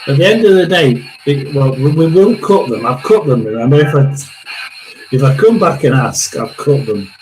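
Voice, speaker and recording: A man hosting a live tarot and spirit box session, talking haltingly, repeating words and often clearing his throat. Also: medium pitch, expressive, darkish tone, a little hiss or hum, rough recording.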